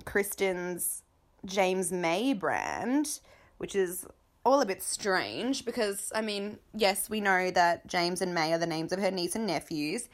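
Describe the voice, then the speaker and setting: A woman's voice: lowish voice, fairly bright tone. A woman hosting a chatty podcast, gossiping about reality TV, swearing and laughing often. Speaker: podcast host recapping reality TV. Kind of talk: casual chat.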